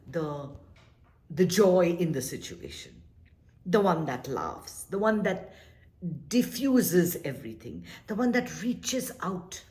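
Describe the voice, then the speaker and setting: A woman with a low voice leads a meditation class, her delivery swinging widely as she coaxes listeners toward calm. She talks earnestly and slips into little acted-out quotes. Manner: earnest, gently coaxing, acts out little quoted exchanges. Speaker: meditation teacher.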